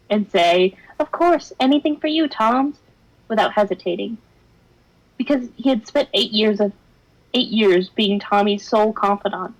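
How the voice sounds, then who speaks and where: A woman's voice: mid-range voice, low-quality recording. A young woman streamer reading fan fiction aloud with drama, breaking into laughs and wry side comments. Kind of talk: expressive narration with laughing asides.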